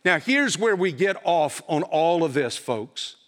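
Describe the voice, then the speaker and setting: A man's voice: on the high side, big pitch swings, a little slow. A man preaching a sermon to a congregation, emphatic and full of rhetorical questions. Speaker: pastor. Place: church.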